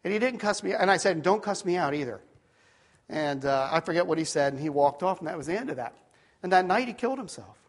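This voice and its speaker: Higher-pitched man telling a rambling story. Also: lively intonation, quick pace. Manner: rambling storyteller, drops to quiet tones for serious moments. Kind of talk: personal story in a sermon.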